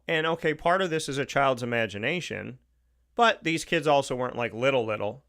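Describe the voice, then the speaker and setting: A radio talk show host with an Upstate New York accent delivers an opinionated monologue, emphatic and repeating his points. His mid-range voice is animated, brisk and a bit bright.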